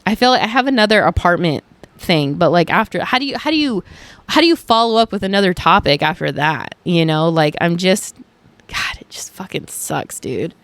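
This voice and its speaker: A young woman hosting her own podcast, talking frankly in a casual solo chat, animated, swearing and full of fillers. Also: fairly low pitch, brisk, smooth, no room sound. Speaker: podcast host.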